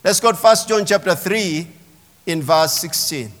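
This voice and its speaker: High-voiced pastor preaching in a reverberant hall. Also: male voice, lively intonation, a little slow, a bit bright. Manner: emphatic preaching with call-and-response. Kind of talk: sermon. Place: church sanctuary. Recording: long reverb of a large hall.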